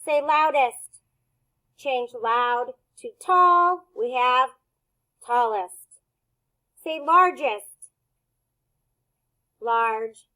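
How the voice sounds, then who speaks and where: Woman teacher doing phonics drills with little kids, high bright voice, talks real slow and clear. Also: poor audio. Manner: slow, clear, over-enunciated word drills. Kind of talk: phonics lesson for young children.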